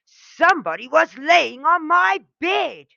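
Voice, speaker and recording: A woman doing a loud, angry father bear. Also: very high-pitched, expressive, slow pace, vocal fry, no echo, muffled recording, pitched above the performer's own voice, exaggerated voice. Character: gruff grumpy big father bear.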